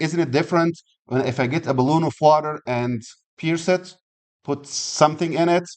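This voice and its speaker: A man teaching an anatomy class, explaining step by step, checking in with frequent rhetorical questions and restarting phrases. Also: a little high. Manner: uses physical demonstrations while explaining. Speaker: anatomy and physiology instructor. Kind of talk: classroom lecture.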